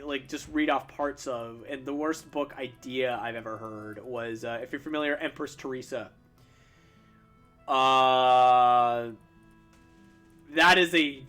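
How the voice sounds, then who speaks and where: Young man, casual stream chat, rambling restarts, bright forceful tone, soft music underneath. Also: fairly high pitch. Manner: rambling, stumbling restarts, self-deprecating laughs. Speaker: streamer answering chat questions while drawing.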